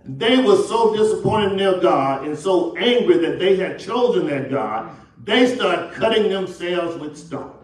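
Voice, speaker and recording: A man's voice: high voice, sing-song, measured pace. A Southern American man preaching a sermon to his congregation, asking them questions and acting out the voices of the people in his story. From Texas. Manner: call-and-response preaching, acts out quotes. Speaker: pastor. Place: church sanctuary. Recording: echoey church from a distance.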